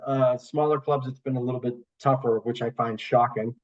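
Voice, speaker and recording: A man's voice: mid-range voice, steady tone, moderate pace, highs cut off. Swearing, rambling man telling stories. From Boston area. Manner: rambling storyteller, swears freely, acts out quoted voices. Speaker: comedian guest. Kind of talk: casual podcast chat.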